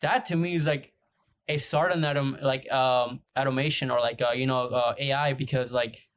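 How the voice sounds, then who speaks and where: A man's voice: medium pitch, fairly even intonation, normal speed, a bit bright, smooth. A man chatting as a podcast guest, rambling with lots of filler words and cursing freely. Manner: rambling, heavy on "like" and "dude", swears freely. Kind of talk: casual chat.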